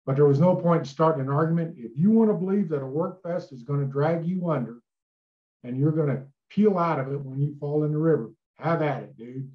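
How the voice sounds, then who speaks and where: A man's voice: a little high, fairly quick. An older man from Illinois, a retired river captain, telling rambling folksy stories in a casual interview. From Illinois, USA. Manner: rambling, folksy, with fillers and asides. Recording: slightly dull, lo-fi sound.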